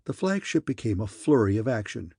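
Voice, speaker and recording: A man narrating a science fiction audiobook in a steady storytelling manner. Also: lowish voice, a little fast, slightly rough, dry recording, studio quality. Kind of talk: scripted narration.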